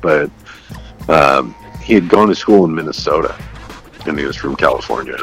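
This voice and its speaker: A man's voice: rumbling low, lively intonation, moderate pace, creaky, fairly bright tone, soft background music, low-quality recording. A man co-hosting a radio show by phone in casual banter, laid-back and swearing often. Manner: laid-back, swears a lot, says bro. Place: at home, on a phone line.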